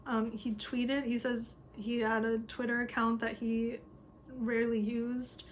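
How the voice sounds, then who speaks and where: A woman's voice: on the high side, little pitch movement, unhurried, a little hiss or hum. A woman astrologer casually retelling a memoir, talking loosely with lots of "um" and "like" fillers. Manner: loose, filler-heavy talk with frequent "um" and "like".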